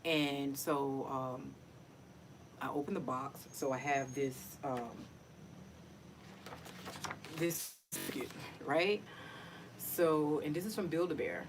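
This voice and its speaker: Middle-aged woman, low voice, rambling heartfelt vlog talk, noise behind her. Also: takes it slowly, long pauses. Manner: chatty, emotional, repeats herself. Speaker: vlogger. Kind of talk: casual personal vlog.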